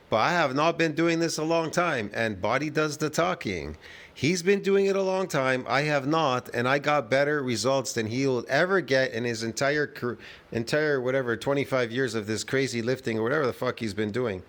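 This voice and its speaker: A man's voice: mid-range voice, fairly bright tone, close to an everyday voice. A man doing a mocking impression of a boastful, arrogant aging gym guru who brags in an exaggerated way.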